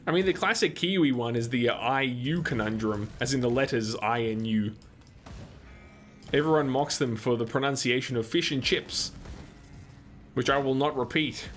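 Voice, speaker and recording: A man's voice: medium pitch, normal speed, fairly bright tone, slight background noise. An Australian man hosting a live gaming stream, chatting casually and answering viewers' comments between moments of play. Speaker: livestream host.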